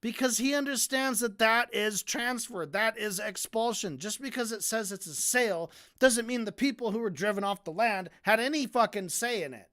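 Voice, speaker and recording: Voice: mid-range voice, moderate pace, few pauses, fairly bright tone. Debate streamer, casual profane rant, sarcastic, stumbles and repeats words. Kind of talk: casual ranting commentary.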